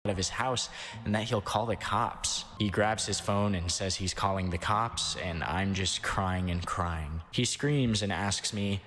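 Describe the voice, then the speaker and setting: A man narrating a first-person account in a steady, somber scripted read. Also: low-pitched, unhurried. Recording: long reverb, faint background noise.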